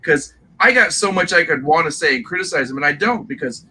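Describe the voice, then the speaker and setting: A man hosting a casual reseller livestream chat, telling animated, rambling stories full of acted quotes. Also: a little high, fairly quick, slight background noise, low-quality recording. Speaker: livestream host.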